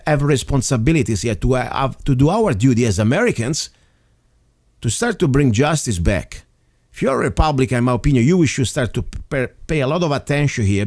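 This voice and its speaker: A man hosting an interview show, speaking earnestly and haltingly, with frequent restarts and fillers. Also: mid-range voice, darkish tone, no echo, clean studio sound. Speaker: interview host. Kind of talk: opinionated talk show monologue.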